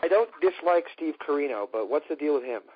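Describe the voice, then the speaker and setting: Husky, sarcastic man on a podcast. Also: fairly high pitch, lively intonation, a little fast, no echo. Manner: sarcastic, opinionated. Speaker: podcast co-host. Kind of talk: casual wrestling talk show chat. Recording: dull lo-fi dry recording.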